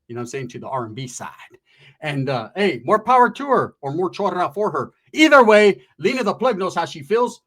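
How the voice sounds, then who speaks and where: A man's voice: high voice, very animated, fairly quick, a bit bright. A man doing streetwise, profane storytelling stand-up comedy in a rambling, casual manner.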